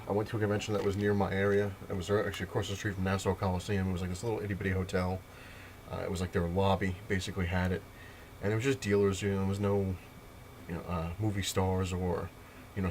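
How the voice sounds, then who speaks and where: Fast-talking deep-voiced New man. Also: darkish tone, a little hiss or hum. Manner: rambling, filler-heavy retelling. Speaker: comic collector vlogger. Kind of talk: casual storytelling to camera.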